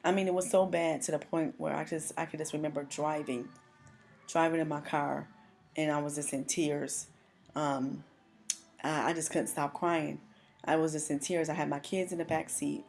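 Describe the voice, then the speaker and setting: A woman giving a personal religious testimony, earnest and emotional, speaking haltingly with many pauses and restarts. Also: sits low, fairly even intonation, vocal fry, a little mellow.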